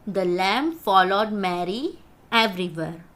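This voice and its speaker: A woman teaches grammar to young students. She talks at an unhurried pace and spells out key words letter by letter. Her pitch sits in an ordinary middle range. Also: animated, background noise. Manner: slow, deliberate explaining, spells out words. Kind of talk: grammar lesson for schoolchildren.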